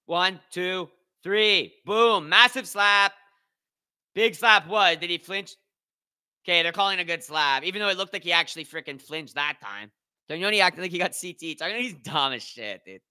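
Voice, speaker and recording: Young dude streaming a fight watch party, bright kinda high voice, hyped, cussing, talking to chat. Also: male voice, moderate pace. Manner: excitable, swears a lot, talks to chat. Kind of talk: live fight commentary. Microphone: headphones with mic.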